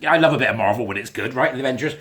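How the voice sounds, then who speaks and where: A man's voice: medium pitch, very fast, a bit bright, slight background noise. A man giving a sarcastic, sweary commentary as he reads passages aloud and mocks them. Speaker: commentator reading and rebutting a school policy. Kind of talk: ranting commentary.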